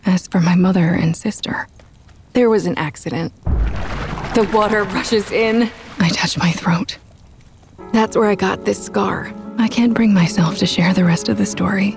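A young woman narrating a first-person audiobook in a soft, intimate, reflective way. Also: mid-range voice, steady tone, a little slow, creaky. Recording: with background music.

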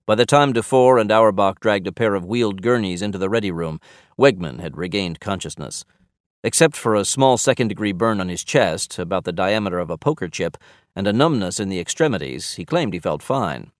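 Deep-ish guy reading an audiobook, steady and dramatic, dry close sound. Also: brisk, dry recording. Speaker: narrator. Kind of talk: scripted audiobook narration.

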